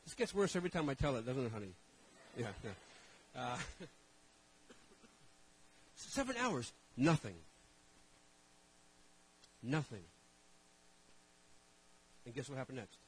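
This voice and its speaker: A man preaching as a pastor, telling a story with animated shifts from hushed asides to loud outbursts. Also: medium pitch, takes it slowly, pauses often, a little hiss or hum, poor audio. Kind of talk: sermon storytelling.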